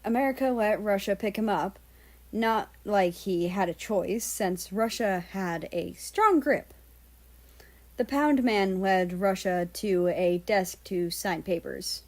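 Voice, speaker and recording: A woman reading a fan-fiction story aloud as narrator, in a steady storytelling delivery. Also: medium pitch, takes it slowly. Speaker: fan-fiction audiobook reader. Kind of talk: scripted narration.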